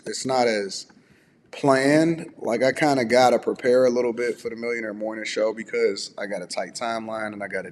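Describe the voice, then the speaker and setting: A man hosting a casual live stream from home, relaxed and a bit groggy with a slightly raspy voice, chatting and reading viewer messages aloud. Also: medium pitch, big-room sound, a little hiss or hum. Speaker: host.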